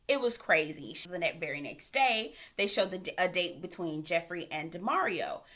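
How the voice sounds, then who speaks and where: A woman's voice: mid-range voice, pushed and bright. A woman giving a casual, opinionated recap of a reality dating show, with sassy asides. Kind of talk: casual recap and commentary vlog.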